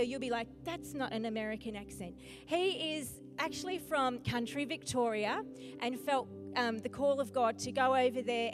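A woman introducing a guest preacher to a church, speaking haltingly with many pauses. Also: fairly high pitch. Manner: hesitant, many fillers. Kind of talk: introduction from the pulpit. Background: music.

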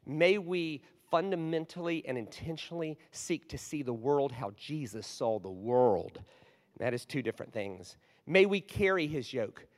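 A man in his forties preaching a storytelling sermon, animated, moving from hushed asides to loud bursts. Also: on the high side, a little slow. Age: 40s. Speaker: guest preacher. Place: large church hall. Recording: long hall reverb.

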